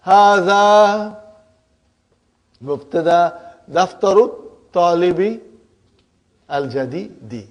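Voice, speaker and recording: A man's voice: high-pitched, a little mellow. A man teaching an Arabic grammar class, often checking in with "huh?" and "brothers and sisters".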